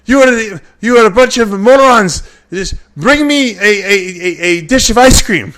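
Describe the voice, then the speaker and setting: A man impersonating a vain, imperious bodybuilder who insults the waiters in a high, strained voice. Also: expressive, moderate pace, fairly bright tone. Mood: imperious, angry. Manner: haughty, insulting, self-important.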